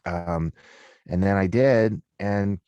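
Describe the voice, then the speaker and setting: Deep-voiced man telling his story. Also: slow pace, a little mellow, smooth, dry recording, dull audio. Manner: candid and storytelling, with many restarts. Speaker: guest. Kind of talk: casual interview talk.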